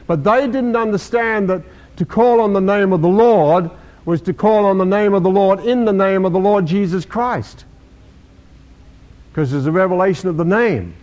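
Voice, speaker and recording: A man's voice: sits high, moderate pace, a little mellow. An older man preaches a sermon in a slightly raised voice. He is emphatic and keeps coming back to the same words for weight. The recording is dull and lo-fi. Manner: emphatic, repeating key words, voicing quoted scripture.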